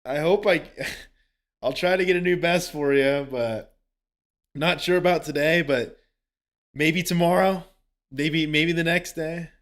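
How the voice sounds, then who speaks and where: A man chatting casually on a live game stream, excitable, laughing often and swearing casually as he talks to viewers. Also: a little high, a little slow, long pauses. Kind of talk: casual live-stream chat while gaming.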